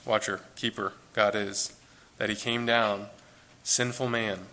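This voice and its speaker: A man's voice: lowish voice, little pitch movement, measured pace, sharp tone. A man giving an informal, earnest Bible teaching, talking conversationally and repeating phrases for emphasis.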